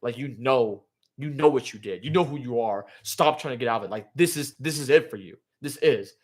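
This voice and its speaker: A man's voice: mid-range voice, a little fast, a little mellow, close to an everyday voice. A man reading out a defiant young woman. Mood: scolding.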